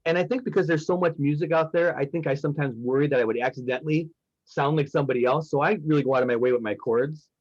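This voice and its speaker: A man's voice: a little high, quick pace, darkish tone. A man interviewing a songwriter, chatty and enthusiastic, with many fillers. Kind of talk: casual interview talk. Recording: dry, dull lo-fi sound.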